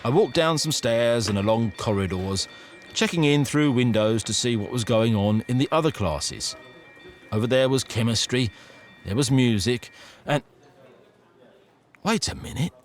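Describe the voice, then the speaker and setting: A man's voice: medium pitch, a little slow, pauses often, faint music behind. Man narrating a spooky story expressively. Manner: expressive, suspenseful. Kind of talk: scripted first-person story narration.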